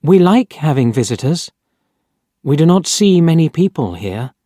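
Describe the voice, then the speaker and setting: A man reading an audiobook, voicing a gentle young village woman in a soft, raised, pleading voice. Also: a little high, very animated, moderate pace, no echo, clean studio sound, voice pushed up. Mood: friendly.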